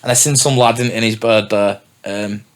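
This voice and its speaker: A man's voice: fairly low pitch, steady tone, moderate pace. Young dj guy on a podcast, laid back, swears a lot, real candid. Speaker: DJ and MC guest. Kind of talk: casual chat.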